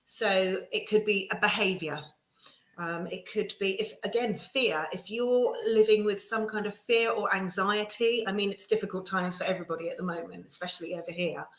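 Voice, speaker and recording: A woman giving a casual live tarot reading, reassuring and chatty with many pauses and restarts. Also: medium pitch, a bit bright. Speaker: tarot reader. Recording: echoey room.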